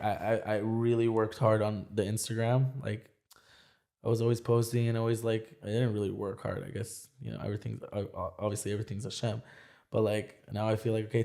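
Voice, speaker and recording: A man's voice: on the low side, gravelly, warm tone. A young man talking as a podcast guest in casual chat, rambling with many restarts. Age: young adult.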